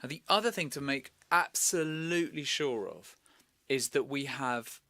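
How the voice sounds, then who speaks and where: A male tenor vocal coach giving an unhurried lesson, explaining as he thinks aloud with small fillers. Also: mid-range voice, sharp tone, no echo. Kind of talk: instructional talk with sung demonstrations.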